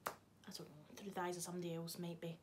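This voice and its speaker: A woman's voice: on the low side, flat delivery, fast talker, background noise. A young woman, chatting casually to camera in a vlog, swearing freely and teasing someone off camera. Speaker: vlogger. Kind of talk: casual chat.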